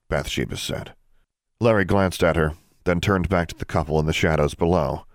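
Deep voiced guy reading a fantasy book, expressive, dry close mic. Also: normal speed, dry recording. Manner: expressive storytelling. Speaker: audiobook narrator. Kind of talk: reading fantasy fiction aloud.

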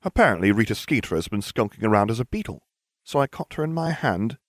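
A man voicing a bright, bossy teenage girl witch who talks in a prim, self-satisfied way. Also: on the low side, animated, quick pace, no room sound, studio quality, pitched above the performer's own voice. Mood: smug.

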